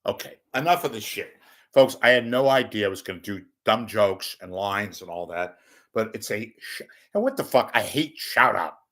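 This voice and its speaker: A man's voice: lowish voice, lively intonation, moderate pace, a bit bright. A man hosting a call-in show, talking in a casual, rambling monologue that is blunt, profane and full of wisecracks.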